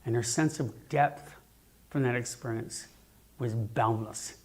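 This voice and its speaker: A man minister giving a sermon, telling stories in an animated, jokey way, speaking into a mic in a church sanctuary. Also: medium pitch, slow pace, breathy edge. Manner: animated, jokey storytelling preacher.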